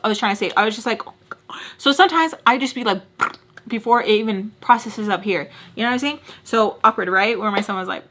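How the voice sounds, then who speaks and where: A woman with a bright, forceful voice tells a story to her viewers. She rants in a chatty, animated way, drops "like" all through her sentences, and switches into the voices of the people she quotes. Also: a little high, fairly quick. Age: adult with a son and husband. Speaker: beauty vlogger. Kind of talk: casual storytime rant.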